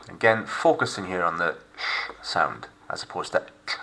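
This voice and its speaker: Bright-voiced Welsh teacher. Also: male voice, sits low, expressive. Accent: Welsh English. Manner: slow, clear modelling of words for repetition. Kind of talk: recorded remote lesson.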